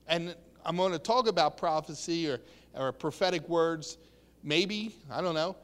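A man preaches in an earnest, halting way, repeating words and acting out the quotes. His voice sits high and bright. A long hall echo trails behind every phrase. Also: clear, resonant tone. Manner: earnest, acts out quotes, many restarts. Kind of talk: sermon.

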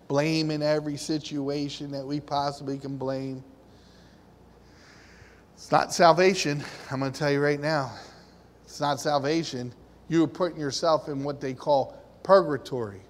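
A man with a high voice preaches slowly and with fervor, firing questions at the congregation. His words ring out in a big hall with a long reverb. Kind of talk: sermon.

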